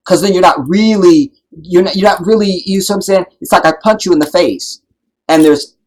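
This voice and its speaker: A man hosting a live stream, talking in an impassioned, preachy way that builds to loud, emphatic peaks and keeps checking that his listeners follow. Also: sits high, brisk, poor audio. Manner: preachy, builds to loud emphatic peaks, keeps asking "you see what I'm saying". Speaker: livestream host.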